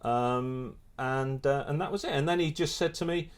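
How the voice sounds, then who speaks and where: A middle-aged man, a photographer and filmmaker, telling a lively anecdote in a casual interview, restarting his sentences often. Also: medium pitch, moderate pace, smooth. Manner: animated storyteller, many restarts.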